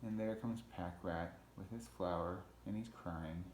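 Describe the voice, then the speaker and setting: A man reading a picture book aloud to children, relaxed and chatty, pausing to talk about the pictures. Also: sits low, a little hiss or hum. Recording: echoey room.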